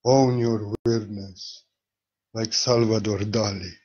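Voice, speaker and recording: A man's voice: fairly low pitch, fairly even intonation, takes it slowly, a little mellow, muffled recording. A foreign-accented man, a spiritual teacher, giving a playful, theatrical motivational monologue and repeating words for emphasis.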